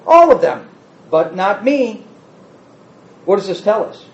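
Animated high-voiced man teaching scripture. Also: slow, gravelly. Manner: animated, rhetorical questions to the class. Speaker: Bible teacher. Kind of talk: Bible study teaching. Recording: roomy, slightly dull recording.

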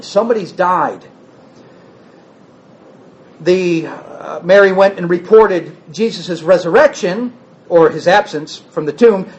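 A male preacher with a high, lively voice that swings up and down as he teaches. He reads scripture and chats with the people in front of him. The recording sounds a little dull and lo-fi. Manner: animated, talks with the congregation, reads scripture aloud. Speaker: pastor or Bible teacher. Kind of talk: conversational sermon.

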